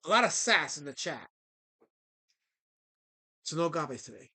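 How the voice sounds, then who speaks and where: A man hosting a livestream, ranting at his chat in a theatrical, mock-indignant way and swinging between loud outbursts and low mutters. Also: expressive, unhurried, slightly rough. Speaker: livestream host.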